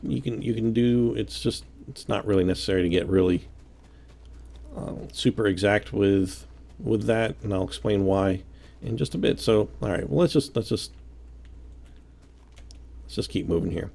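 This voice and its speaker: Gravelly low-voiced man counting blocks aloud. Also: normal speed, long pauses. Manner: counts aloud, relaxed and self-joking. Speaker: game building tutorial host. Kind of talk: casual step-by-step building commentary.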